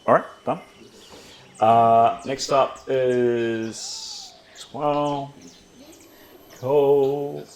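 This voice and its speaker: A man's voice: mid-range voice, steady tone, very slow, pauses often, a little mellow. A man acting as game master, running a tabletop role-playing session with short, clipped rulings.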